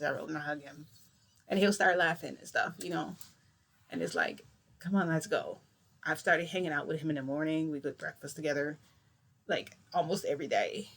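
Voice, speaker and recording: A woman vlogger telling a long story in a casual, rambling way, full of filler words. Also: low voice.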